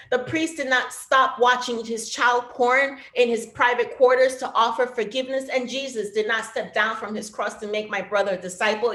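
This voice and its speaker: Woman reading poetry in a roomy echo. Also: on the high side. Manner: measured, rhythmic delivery, dropping to a hush. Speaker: poet.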